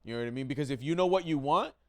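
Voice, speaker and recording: A man's voice: medium pitch, expressive, rapid-fire. Emphatic swearing podcast host, man. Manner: emphatic, repeats himself, swears freely. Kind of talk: casual podcast chat.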